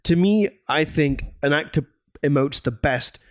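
A man co-hosting a casual film chat, relaxed and hesitant, with many fillers. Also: fairly high pitch, measured pace, no echo, studio quality.

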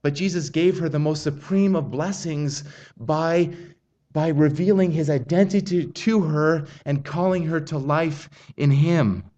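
A middle-aged man delivers an earnest sermon in a high voice. He reads scripture aloud and slows down to press on key phrases, emphatic throughout. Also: a little mellow. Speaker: preacher.

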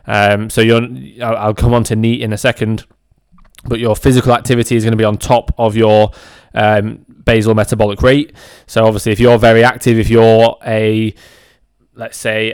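A man's voice: mid-range voice, smooth, dry recording. A man hosting a podcast, explaining a topic in a loose, conversational way with frequent ums and restarts. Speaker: podcast host. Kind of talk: educational monologue. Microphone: audio-only recording.

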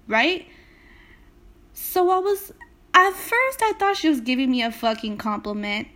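A woman's voice: a little high, big pitch swings, unhurried, pushed and bright. A young woman from California hosting a casual motivational podcast, talking straight to her listeners with emphatic, swear-laced storytelling. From Salinas, California. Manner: emphatic, swears freely, speaks directly to listeners. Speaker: podcast host.

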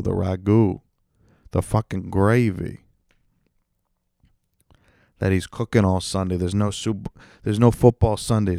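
Low, gravelly man ranting. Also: mellow, dry recording, clean studio sound. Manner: profane, ranting and venting. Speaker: comedian podcast host. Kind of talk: casual solo podcast monologue.

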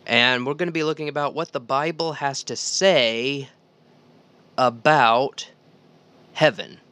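A man's voice: mid-range voice, slow, bright, forceful tone, clear, resonant tone. A man hosting a solo Bible teaching podcast, talking earnestly and conversationally and reading scripture aloud. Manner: earnest, conversational, with restarts and repeated phrases. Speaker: podcast host.

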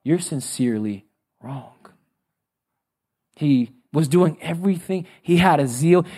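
High-voiced man preaching a sermon. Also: a little mellow. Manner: preaching with rhetorical fill-in questions to the congregation; emphatic, with sudden bursts of speed and drawn-out phrases. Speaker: pastor.

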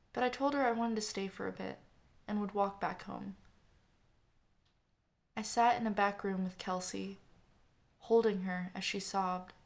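A woman reading a story aloud in a soft, earnest narration. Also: mid-range voice, gravelly. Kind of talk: scripted audiobook narration.

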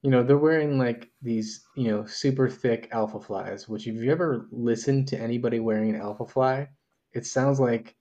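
A man's voice: medium pitch, moderate pace, highs cut off. A man co-hosting a podcast, describing what he watched in casual chat, loose and full of fillers. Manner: loose, animated telling with many fillers. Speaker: podcast co-host.

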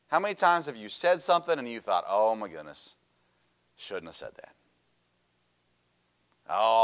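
Middle-aged guy preaching, lowish voice, gets loud then drops way down, tells stories and laughs. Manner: animated, storytelling with laughs, swings from loud to quiet. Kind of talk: sermon.

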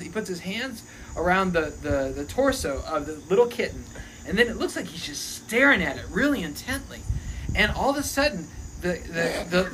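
A man in his fifties, a former pastor, telling lively childhood stories in a casual podcast chat, laughing often. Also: sits high. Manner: animated storyteller, laughing often. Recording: noisy recording.

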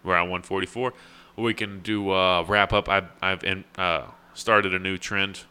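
A podcast host with a very low, deep voice that still has a sharp, bright edge. He teases his guest in a dry, deadpan way and keeps the chat casual. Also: measured pace, smooth.

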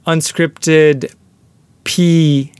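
Casual guest, male, relaxed drawl full of fillers, dry close sound. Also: on the high side, extremely slow, clear, resonant tone, no room sound. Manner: laid-back, loose with many "like" fillers. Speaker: podcast guest and music producer. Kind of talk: casual podcast chat. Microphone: remote call line.

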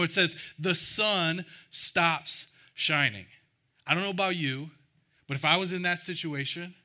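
A man preaching a sermon, reading scripture slowly and speaking earnestly with deliberate pauses. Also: a little high, sharp tone. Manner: earnest, pauses to let lines land, reads scripture slowly. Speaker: pastor.

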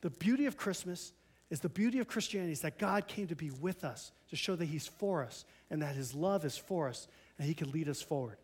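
High-voiced earnest male pastor preaching. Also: lively intonation, fairly quick, darkish tone, husky. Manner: earnest, conversational preaching with frequent restarts. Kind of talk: Christmas Eve sermon. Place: church.

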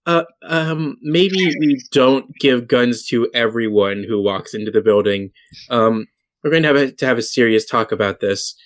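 A man's voice: medium pitch, moderate pace, close to an everyday voice. A man voicing a friendly young male leader who stumbles over his words. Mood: uneasy. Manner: hesitant, stumbling politeness.

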